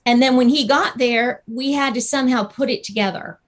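A woman guest telling a lively anecdote in a casual interview, acting out the people she quotes. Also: fairly high pitch, brisk. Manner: animated storyteller, acts out quotes. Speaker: guest actress.

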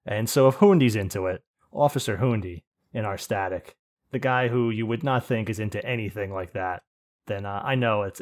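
A man's voice: lowish voice, a little mellow. A man hosting a podcast in casual chat, telling rambling stories with swearing and laughs. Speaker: podcast host.

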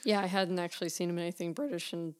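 Relaxed American woman, lowish voice. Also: rapid-fire. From United States. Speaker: podcast co-host. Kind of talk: casual movie chat.

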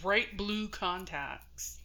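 A woman's voice: medium pitch, very slow, pushed and bright, slight background noise. A woman co-hosting a podcast in casual chat, blunt, crude and teasing. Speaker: podcast co-host.

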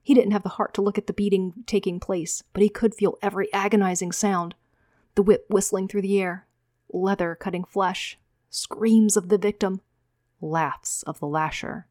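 A woman author reading a chapter of her own fantasy novel aloud in a steady, measured way. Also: mid-range voice, no room sound, clean studio sound.

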